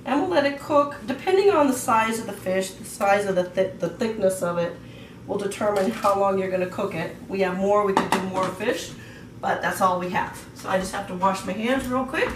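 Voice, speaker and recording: A woman's voice: medium pitch, normal speed. A woman who is half Australian gives a casual cooking demonstration in her home kitchen, talking through each step with many fillers. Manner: chatty, explains as she cooks, many fillers. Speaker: home cook. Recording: echoey room, distant mic, kitchen noise.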